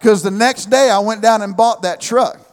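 A man in his thirties with a rather high voice delivers an animated sermon. He mixes earnest preaching with humorous asides and calls out amen to his listeners. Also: moderate pace, in a large hall, soft background music.

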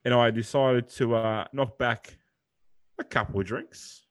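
A man's voice: mid-range voice, steady tone, measured pace. A young Australian man co-hosting a podcast in casual chat, rambling and blokey, swearing freely. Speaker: podcast co-host.

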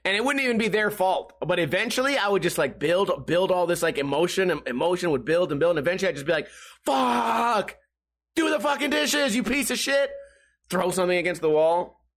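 A man's voice: high voice, fast talker. A young man hosting casual commentary, rambling and joking as he reads a news article aloud. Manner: rambling, joking, often laughing. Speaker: host.

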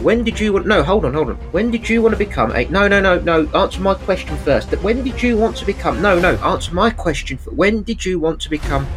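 Man doing a mock-ad interviewer: pushy, high, insistent, constant interruptions. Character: pushy male interviewer who keeps cutting in.

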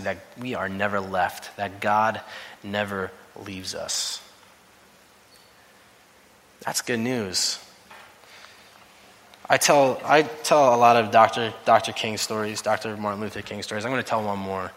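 Man preaching in a reverberant hall. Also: on the low side. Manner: storytelling, rising to loud emphatic quoting. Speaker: pastor. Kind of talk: sermon.

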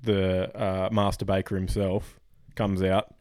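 Laughing Australian man, low dry voice. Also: level tone, slow pace, a little mellow, dry recording. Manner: joking, laughs often. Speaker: podcast co-host. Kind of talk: casual chat.

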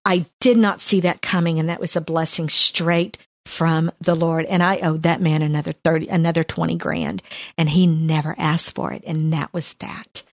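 A woman's voice: sits low, little pitch movement, normal speed, no echo, clean studio sound. A woman, a podcast co-host sharing a personal testimony in an earnest, heartfelt way.

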